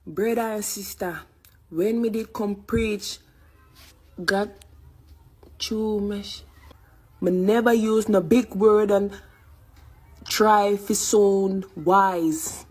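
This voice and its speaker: A woman reading scripture aloud in a deliberate, careful manner. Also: medium pitch, steady tone, a little mellow, breathy edge, rough recording. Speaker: reader.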